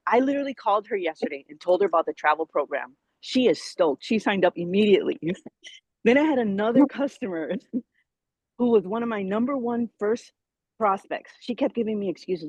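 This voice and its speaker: Woman, late 40s, emotional testimonial, husky voice on a video call, laughing through tears. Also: mid-range voice, a little fast, no echo, lo-fi sound. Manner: excited, laughing, tearful. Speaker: team member sharing a success story.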